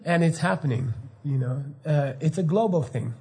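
Male spiritual teacher, slightly high voice, lively informal lecture, laughs through his points. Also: normal speed. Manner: animated, laughing, mock-incredulous asides.

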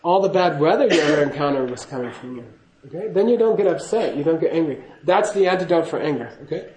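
A man's voice: fairly high pitch, lively intonation, quick pace, darkish tone, reverberant, rough recording. A man giving a casual spoken teaching to a class, chatty and laughing, often checking in with "okay?". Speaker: Buddhist teacher.

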